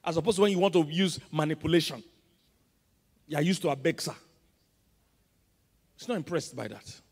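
Nigerian pastor preaching loud then soft, high-ish voice, long echo from a big church. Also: male voice, normal speed, breathy edge. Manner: emphatic call-and-response preaching, swinging between loud and soft. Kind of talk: sermon. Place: large church auditorium.

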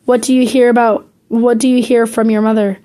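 Woman reading as a gruff old aunt. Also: fairly high pitch, little pitch movement, brisk, mellow, natural voice. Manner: gruff, scolding.

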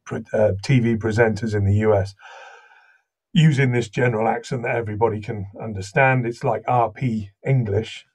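A man with a slight Welsh accent, from Wales, chatting casually as a guest voice actor and telling lively anecdotes. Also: lowish voice, moderate pace, slightly rough. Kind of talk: casual interview chat.

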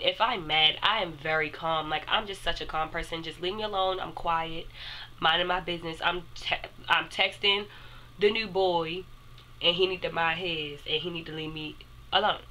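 A woman's voice: on the low side, normal speed, pushed and bright, poor audio. A young woman telling a casual storytime to her viewers in a chatty way, speaking straight to them.

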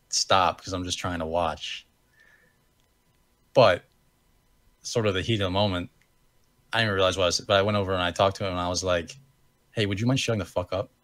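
A man's voice: low voice, a bit bright, dry recording. A young American man co-hosting a podcast, telling a story in a rambling, self-correcting way and laughing at himself. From United States. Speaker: podcast co-host. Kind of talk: casual storytelling chat.

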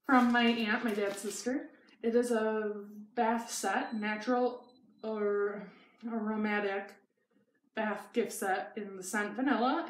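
A young woman talks through her gifts in a loose, giggly way, with lots of "um" and "like". She is recorded in an echoey room with a faint hiss behind her. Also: fairly high pitch. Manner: chatty and giggly, with many fillers. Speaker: vlogger. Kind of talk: casual haul chat.

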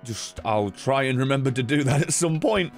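An excitable man talks through a card game on stream, swearing freely and jumping into sudden squealing highs. His pitch swings widely over a mid-range voice, and faint music plays underneath. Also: normal speed. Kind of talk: casual gameplay commentary.

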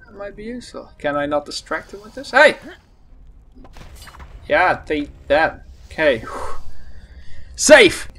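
A man giving let's-play commentary, excitable and panicky, swearing often at the game. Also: a little high, normal speed. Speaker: gaming channel host.

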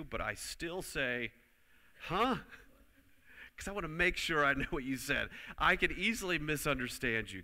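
A man's voice: mid-range voice, pushed and bright. A man preaching a sermon, emphatic, repeating key lines and leading the congregation to say them back. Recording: long hall reverb.

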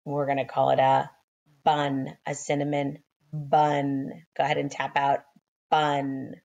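A woman teaching young children phonics, sounding out letters slowly and praising them, a little sleepy and yawning. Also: very deep voice, monotone, vocal fry, a little mellow, highs cut off.

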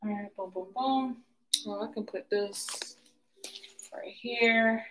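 Chatty woman, bright voice. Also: a little high, takes it slowly, a little hiss or hum, rough recording. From Baltimore. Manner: chatty, addresses viewers in slang. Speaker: livestream host. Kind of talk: casual live-stream chat.

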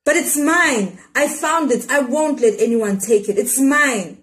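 A woman voicing an eager, excitable young girl who pleads in high, excited calls in a storybook reading. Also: measured pace. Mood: defiant.

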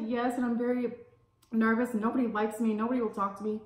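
A woman from California telling a casual story while eating, full of "like" fillers and pauses to savor her food. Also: mid-range voice, steady tone. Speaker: food vlogger. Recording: roomy echo.

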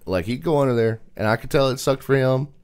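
A man's voice: medium pitch, fast talker, darkish tone, clear, resonant tone. A man co-hosting a podcast, chatting casually, teasing his friend and swearing as he acts out scenes. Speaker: podcast co-host. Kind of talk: casual chat.

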